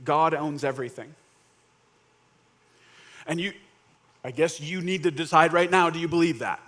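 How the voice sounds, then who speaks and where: Casual pastor with swings in energy. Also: male voice, normal speed. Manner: casual, joking, keeps checking in with "right?"; swings between animated bursts and quiet, low emphasis. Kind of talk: conversational sermon.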